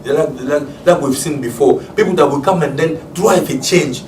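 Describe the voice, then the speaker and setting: A Congolese man preaches in a somewhat high voice, heard from a distance in an echoey room with faint hiss behind him. He breaks into animated storytelling, acting out family scenes with loud shouts and laughter. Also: normal speed. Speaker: pastor. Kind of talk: sermon.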